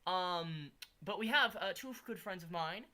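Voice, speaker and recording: A bright, animated streamer host chatting casually with friends and viewers. The voice bounces around in pitch and has a crisp, forward edge, with plenty of rambling and self-mocking asides. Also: brisk. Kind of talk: casual live-stream chat.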